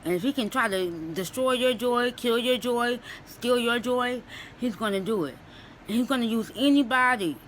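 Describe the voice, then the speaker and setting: A woman's voice: fairly high pitch, moderate pace, fairly bright tone, rough recording. Tearful young woman preaching joy in casual talk, earnest, faint noise behind her. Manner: earnest, preachy, repeats phrases. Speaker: student sharing a Christian encouragement. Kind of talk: casual spoken testimony to camera.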